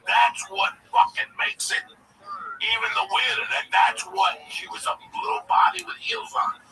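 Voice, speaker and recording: A man's voice: very high voice, huge pitch swings, moderate pace, gravelly, sharp tone. A man, a comedian, telling a rambling, profane story in casual chat. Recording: distant mic with background noise.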